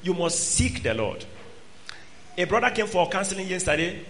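A man preaching to a congregation. His voice sits high and bright for a man. He is emphatic, rising to loud exhortation and dropping to quiet asides. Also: very animated, moderate pace, vocal fry, slight background noise. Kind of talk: sermon.

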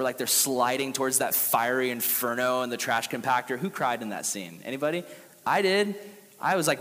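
A young man preaching a casual, animated youth sermon and acting out the quotes he tells. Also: mid-range voice, long reverb tail. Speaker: youth pastor.

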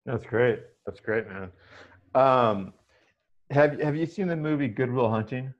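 Male interviewer, halting and rambling delivery, dull lo-fi recording. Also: mid-range voice. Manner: hesitant, rambling with fillers and restarts. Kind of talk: conversational interview. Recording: slightly dull, lo-fi audio.

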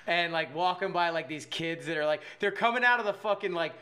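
A young man with a high, bright voice tells a long story in casual chat. His delivery is rambling and animated, full of filler words, and he keeps breaking into laughter. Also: a little fast. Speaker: podcast co-host telling a story.

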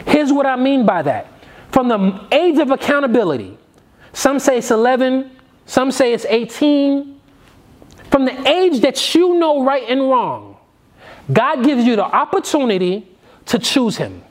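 A man delivers a sermon in an emphatic, repetitive cadence. His voice sits high for a man and rises and falls widely as he drives each point home. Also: sing-song, a little slow. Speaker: preacher.

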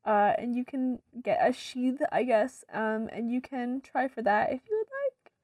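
Woman game master, slow unhurried talk, hesitant, dry close sound. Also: a little high, lively intonation, a little mellow, no echo. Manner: hesitant, laid-back, many fillers. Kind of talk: casual tabletop game narration.

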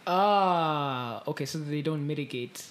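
Low-voiced woman podcast co-host. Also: slow pace. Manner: laughs often, shrieks when amused. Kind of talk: casual chat.

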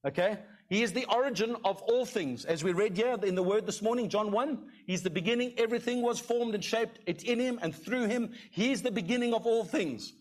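A man's voice: high voice, a little fast, hardly any pauses. A middle-aged male pastor giving a conversational sermon, often checking in with the congregation with "okay?".

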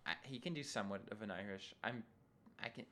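A man in casual chat recapping a show episode, animated and acting out the characters in exaggerated voices, his voice low this early in the morning. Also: quick pace. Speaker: podcast co-host.

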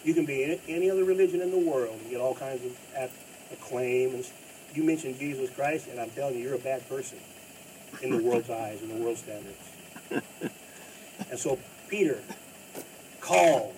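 A man's voice: mid-range voice, normal speed, pauses often. Preaching man, heard from a distance. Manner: emphatic preaching, loud bursts and quiet drops. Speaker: pastor. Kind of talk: sermon. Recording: distant mic with faint noise.

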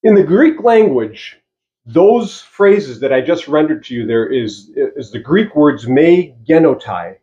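A man preaching a sermon as pastor, emphatic, slowing down to stress key phrases and putting rhetorical questions to the congregation. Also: fairly high pitch, big pitch swings, dark tone, muffled recording.

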